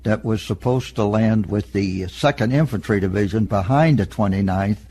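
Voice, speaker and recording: An elderly man in an oral history interview, recalling past events in a plain, matter-of-fact storytelling way with a husky voice. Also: fairly low pitch, normal speed, dark tone. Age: older. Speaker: interviewee, veteran.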